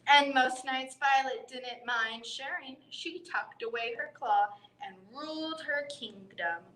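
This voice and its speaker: High, bright woman reading a bedtime story. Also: slow, few pauses, reverberant, slight background noise, rough recording. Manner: expressive, voicing animal sounds. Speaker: children's librarian reading aloud. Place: library room.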